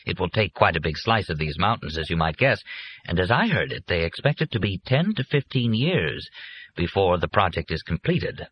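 A man voicing a calm, confident older businessman who explains his land deal to his son in a persuasive, matter-of-fact way. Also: deep voice, normal speed, slight background noise. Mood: informative. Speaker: father. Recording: muffled lo-fi recording.

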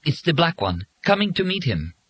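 A man narrating a storybook and voicing a frightened young woman who speaks in a stricken, husky voice. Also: a little high, sing-song, normal speed, a bit bright, slight background noise, pitched above the performer's own voice. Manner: stricken, fearful.

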